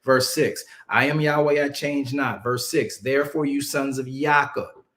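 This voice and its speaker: A male preacher teaching a Bible-study sermon, emphatic and conversational, drawing answers from his listeners and slowing down to stress scripture. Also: mid-range voice, fairly even intonation, a bit bright. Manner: casual Southern-leaning vernacular, mocking asides.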